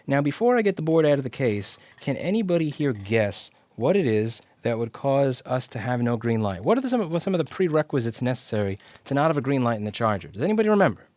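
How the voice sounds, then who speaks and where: A man's voice: medium pitch, sing-song, fast, few pauses, a little mellow. A man teaching electronics repair on a live stream, blunt and sarcastic, cursing casually as he explains the circuit step by step. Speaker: repair instructor. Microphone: clip-on mic.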